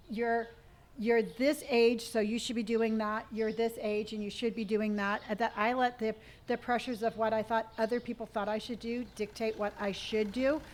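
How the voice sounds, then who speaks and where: Gentle woman streamer chatting with viewers. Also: on the high side. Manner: warm, reads viewer comments and calls them honey. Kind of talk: casual live-stream chat.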